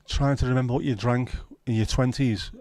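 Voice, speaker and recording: A middle-aged man chats on his home livestream, reading out viewers' comments with loose, sweary banter. His voice sits at an ordinary pitch and sounds dry and close, with little room echo. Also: fairly even intonation, brisk, dark tone. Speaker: livestream host. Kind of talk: casual livestream chat. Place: at home, window nearby.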